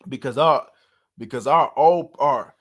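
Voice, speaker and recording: A man's voice: mid-range voice, unhurried. A man doing casual, laughing sports chat on his channel, heavy with slang and cursing. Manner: animated, laughing, swearing, slangy. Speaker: sports YouTuber.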